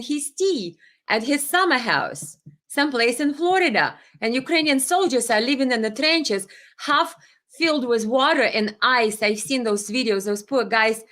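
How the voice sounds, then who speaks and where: A woman hosts a live commentary stream in a voice of ordinary, middle pitch for a woman. She speaks with passion and indignation and stumbles often over fillers and restarts, so it sounds unscripted and heated. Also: fairly bright tone. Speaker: livestream host. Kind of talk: live political commentary, reading viewer comments.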